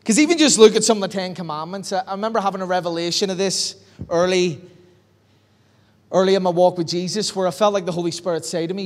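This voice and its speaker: A man preaching a sermon as pastor, animated, acting out bits of dialogue in different voices. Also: high-pitched, fast. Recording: long hall reverb.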